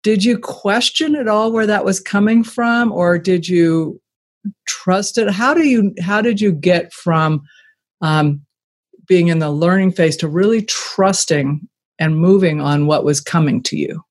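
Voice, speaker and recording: An interview host with a middle-range voice talks warmly and thoughtfully, praising the guest and then asking open questions. The delivery is relaxed and conversational. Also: mid-range voice, unhurried. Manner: encouraging, reflective questions.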